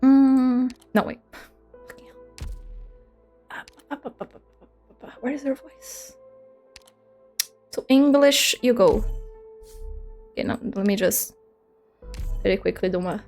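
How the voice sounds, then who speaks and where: A woman's voice: on the high side, unhurried, pauses often, darkish tone. A young woman streaming a game, chatting casually and self-deprecating, with some swearing. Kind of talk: casual gaming stream chat. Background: game music.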